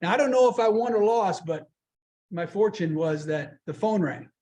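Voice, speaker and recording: A middle-aged man with a fairly high voice tells stories to a club meeting in a meeting room. He is lively and anecdotal and slips into the voices of the people he quotes. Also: moderate pace. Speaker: guest speaker. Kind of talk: storytelling speech at a club meeting.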